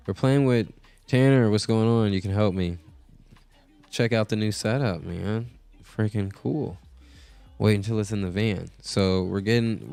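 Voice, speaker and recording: A man hosts a casual live stream, rambling along and filling gaps with ums. His voice is deep and smooth with a gravelly edge, and he talks slowly. Faint music plays underneath. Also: darkish tone, no echo. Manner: rambling, many filler words. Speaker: host. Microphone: podcast mixer setup.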